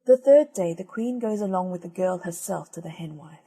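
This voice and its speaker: A woman reading old fairy tales aloud as an audiobook narrator, gentle and measured. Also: lowish voice, animated, husky. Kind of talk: storybook reading.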